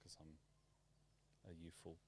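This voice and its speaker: A man co-hosting a podcast, telling stories in an animated, sweary way. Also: low-pitched, unhurried, breathy edge. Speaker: podcast co-host. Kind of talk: casual chat.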